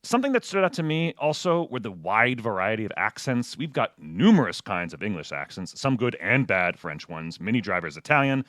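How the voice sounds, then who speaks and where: A man co-hosting a casual film podcast, his intonation lively as he talks through the film's strengths and flaws. He breaks in with playful jabs, and his voice sounds close and dry, with little room sound. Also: lowish voice, no echo. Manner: measured critique with playful interjections. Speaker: podcast co-host.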